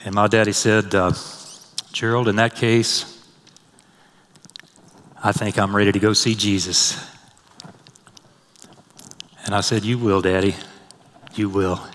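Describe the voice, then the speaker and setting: A man with a low voice preaches from the pulpit, his words ringing through a long hall reverb. He rises loud and high on scripture and falls to a soft, low hush when telling a personal story. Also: level tone, takes it slowly, long pauses. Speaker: pastor. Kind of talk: sermon.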